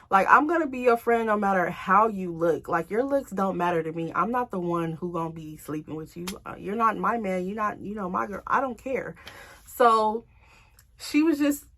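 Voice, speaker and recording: A woman's voice: medium pitch, a bit bright. Chatty, blunt young woman telling a story. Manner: chatty, blunt, swears freely. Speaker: storytime vlogger. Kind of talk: casual storytelling to camera.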